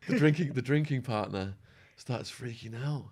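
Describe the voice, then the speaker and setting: A man guest on a podcast, telling a wild story with lively acted-out quotes, swearing and laughing along the way. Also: medium pitch, moderate pace. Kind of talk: animated storytelling.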